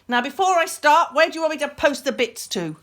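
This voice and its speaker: A woman voicing a male beast in a storybook, loud and bullying, then offhand and chummy. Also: high-pitched, animated, fairly quick, pitched above the performer's own voice. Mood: threatening.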